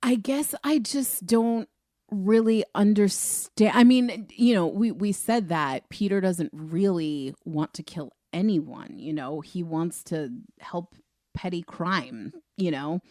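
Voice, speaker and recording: A woman's voice: fairly low pitch, slow, no room sound, studio quality. Chatty woman co-hosting a podcast. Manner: chatty, animated, laughs easily. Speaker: podcast co-host. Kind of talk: casual film review chat.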